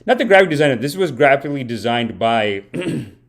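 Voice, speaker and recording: A man's voice: medium pitch, sing-song, a little fast, creaky. A man hosting a live comedy podcast, telling stories in a rambling, mock-earnest style and praising himself. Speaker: podcast host. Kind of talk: comedic livestream monologue. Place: home streaming setup.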